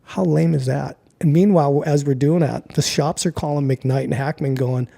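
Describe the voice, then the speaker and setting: A man in his sixties, originally from Hawaii, tells an old story as a guest in a relaxed, meandering way. His voice is gravelly, husky and mellow. He jumps into other people's voices to act out their lines. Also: fairly high pitch, moderate pace. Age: 60s. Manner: laid-back, rambling, heavy use of filler "like". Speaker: interview guest. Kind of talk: casual storytelling.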